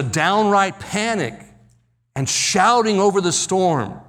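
Preacher, male, slightly high pitch, acts out quotes, reverberant hall. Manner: dramatic, acts out Bible quotes, slows for emphasis. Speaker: pastor. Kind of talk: sermon.

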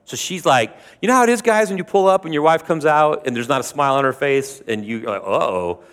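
A man's voice: fairly high pitch, fast, fairly bright tone, long reverb tail. A man preaching a sermon, retelling scripture in a conversational, joking way with asides to the congregation. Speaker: pastor.

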